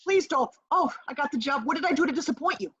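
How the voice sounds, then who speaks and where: A woman improvising a comedy scene over a video call, brash and rambling with a deadpan edge. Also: high voice, rapid-fire. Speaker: improv performer. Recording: dull lo-fi video call audio.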